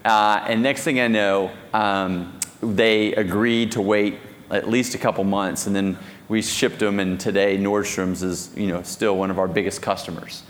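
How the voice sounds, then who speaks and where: A man telling an animated story on stage at a conference, acting out a phone call. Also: fairly low pitch, unhurried, slight background noise. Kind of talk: live keynote storytelling. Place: conference stage in a large hall. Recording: long hall reverb from a live keynote.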